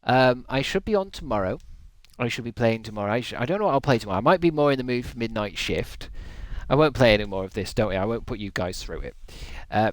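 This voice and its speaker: Man streamer at home desk, rambling and self-mocking, lively pitch, dry close sound. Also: no room sound. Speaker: game streamer. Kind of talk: casual stream sign-off chat. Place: home room at his desk.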